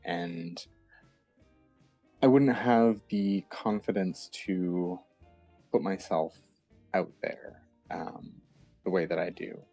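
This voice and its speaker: Deep slow-talking man, hesitant. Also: steady tone, dark tone, soft background music. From Eastern United States. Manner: hesitant, many ums and restarts. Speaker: guest. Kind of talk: casual interview chat.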